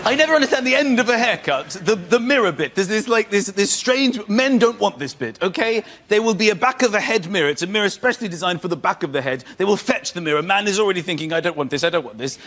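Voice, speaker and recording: A man doing animated, incredulous observational comedy on a panel show. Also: sits high, fast talker, few pauses, a little hiss or hum. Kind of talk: stand-up style routine.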